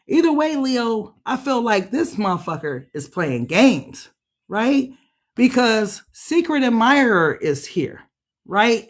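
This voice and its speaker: A woman does a casual tarot reading, addressing viewers directly in a blunt, profane style that leaps into high, excited bursts.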